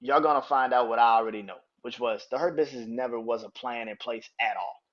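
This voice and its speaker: A fast-talking man with a mid-range voice hosts a solo wrestling podcast, riffing loosely and profanely, laughing hard and acting out the lines of people he quotes. The sound is lo-fi.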